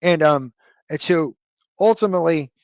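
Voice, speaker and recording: A man in his fifties tells a long service anecdote as an interview guest, drifting through fillers and restarted sentences in a voice that sits a little high for a man. The sound is close and dry, with almost no room around it. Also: normal speed, dry recording. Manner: rambling, many fillers and restarts, loose military jargon. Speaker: guest, retired army officer.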